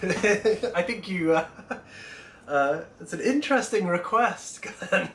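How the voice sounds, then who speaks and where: A man's voice: high voice, expressive, slow pace, fairly bright tone, echoey room, slight background noise. A man hosting a casual livestream while painting miniatures, chatty and rambling as he answers his chat, speaking into a Bluetooth microphone.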